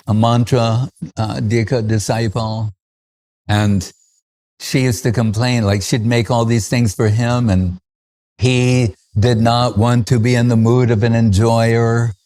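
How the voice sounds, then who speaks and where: Male spiritual teacher, anecdotal festival talk, chuckling, loose fillers, mid-pitch voice. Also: mellow. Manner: chuckles often while recalling stories, with frequent fillers.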